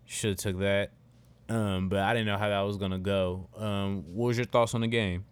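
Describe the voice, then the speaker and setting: A young man co-hosting a casual football podcast, teasing his friends and jumping into high mocking tones. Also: steady tone, moderate pace, clean tone. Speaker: podcast co-host. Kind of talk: casual sports chat.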